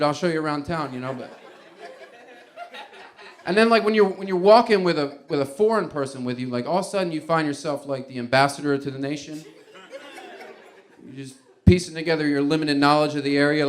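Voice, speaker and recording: A man doing stand-up comedy, telling a loose, rambling story with restarts and fillers and making wry asides to the audience. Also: fairly high pitch.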